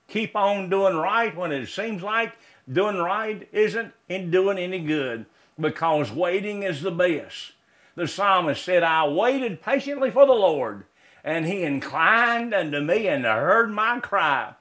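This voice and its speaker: Slow, high-voiced male preacher. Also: a bit bright. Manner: slow, emphatic preaching with repeated exhortations. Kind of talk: sermon with recited poem and prayer.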